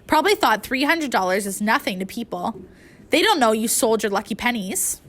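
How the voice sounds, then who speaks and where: A woman voicing an angry grown man who yells and bellows in indignation, read in an audiobook. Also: fairly high pitch, expressive, a little fast. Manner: yelling, indignant. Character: angry grown man, a loud motel worker.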